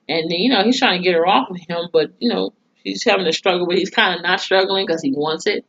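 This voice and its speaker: Woman reviewer, lowish voice, swears freely, casual recap, muffled lo-fi sound. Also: quick pace, hardly any pauses, a bit bright. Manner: profane, blunt storytelling. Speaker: TV episode reviewer. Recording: dull lo-fi recording.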